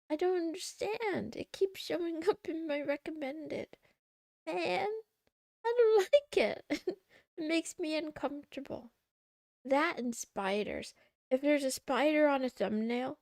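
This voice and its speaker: A young woman streamer chatting with her viewers, playful and a little scattered. Her voice sits fairly high but has plenty of vocal fry, and she talks slowly and loosely, breaking into the odd meow. The sound is dry and close, with no room in it. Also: dry recording. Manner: chatty, playful, says meow, high squeals when excited. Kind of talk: casual chat with live chat.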